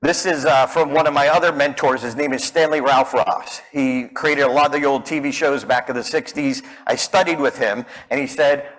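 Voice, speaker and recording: A man giving a storytelling talk as a public speaking coach, lively and acting out the people in his stories. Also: mid-range voice, moderate pace, hardly any pauses, poor audio. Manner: animated, acts out quoted voices.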